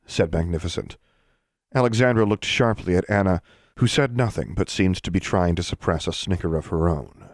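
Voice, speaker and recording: A man narrating an audiobook podcast in a steady, measured reading. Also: sits low, dry recording, clean studio sound. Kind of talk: scripted narration.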